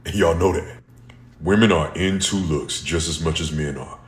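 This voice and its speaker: A very deep-voiced man rants bluntly, his speech loaded with slang and swearing. The sound carries a noticeable room echo, as in a clip he filmed himself. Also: normal speed. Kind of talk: casual social media rant.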